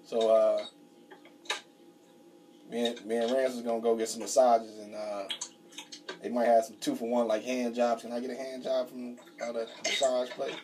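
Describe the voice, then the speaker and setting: A man's voice: medium pitch, flat delivery, normal speed, long pauses, noisy background. A young man co-hosting a podcast, joking and laughing often in profane casual banter. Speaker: podcast co-host. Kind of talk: casual chat.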